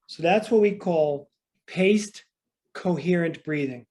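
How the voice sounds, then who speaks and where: A man working as a breathing coach, guiding a breathing exercise by calmly counting the breaths, then explaining the method in plain words. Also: a little high. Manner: calm, counts breaths slowly and softly.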